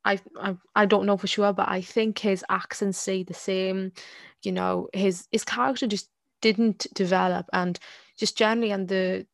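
A woman's voice: medium pitch, flat delivery, normal speed, creaky, no room sound. A woman co-hosting a casual discussion podcast, talking in a hesitant way with many restarts and repeated words. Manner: hesitant, repeats words, frequent "you get what I mean". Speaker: podcast co-host.

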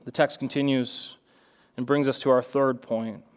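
A man's voice: mid-range voice, fairly even intonation, moderate pace, clean tone. A young adult man, a pastor, preaching a sermon in an earnest way that rises to fervent emphasis.

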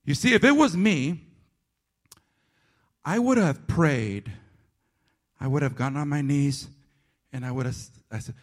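A man preaching a sermon as pastor of a church, animated and self-mocking, swinging between loud emphasis and low asides. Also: measured pace, pauses often.

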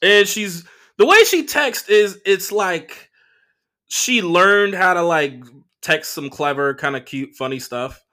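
A man's voice: high voice, lively intonation, slow, pushed and bright. Profane, rambling man with a Los Angeles accent. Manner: profane, rambling storytelling with many fillers. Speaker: podcast host. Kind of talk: casual solo podcast monologue.

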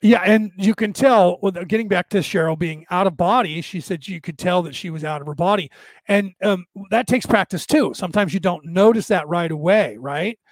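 Man with a high voice, host chatting to viewers, rambling and casual, dry close sound. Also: normal speed, no echo. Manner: rambling, with frequent "right?" check-ins. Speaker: spiritual talk host answering viewers. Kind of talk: casual storytelling and explanation.

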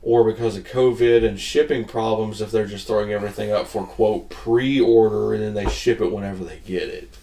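A man co-hosting a podcast, telling stories in a casual, animated way and acting out the people in them. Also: lowish voice, a little fast, echoey room, far from the mic. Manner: animated storyteller, acts out voices, laughs a lot. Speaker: podcast co-host. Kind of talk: casual chat, storytelling.

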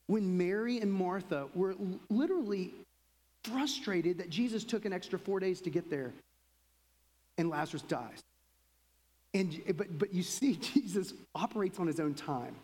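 A middle-aged man preaching a sermon in a lively, conversational way, full of asides and little laughs. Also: high-pitched, normal speed. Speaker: pastor. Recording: long reverb of a large hall.

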